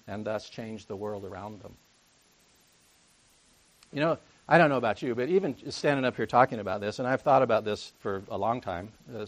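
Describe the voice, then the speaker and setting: A man preaching a conversational sermon, full of jokey asides and rhetorical questions to the congregation. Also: on the low side.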